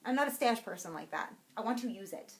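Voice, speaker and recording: A young adult woman co-hosting a podcast, chatting casually and excitedly about yarn she bought, rambling and breaking off her own sentences. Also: mid-range voice, fast. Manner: bubbly, rambling, self-interrupting. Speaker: podcast co-host.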